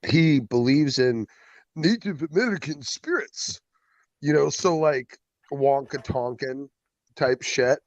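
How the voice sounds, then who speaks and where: A man's voice: medium pitch, slow pace, no room sound, dull audio. A man co-hosting a casual podcast in a mocking tone who laughs often. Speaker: podcast co-host.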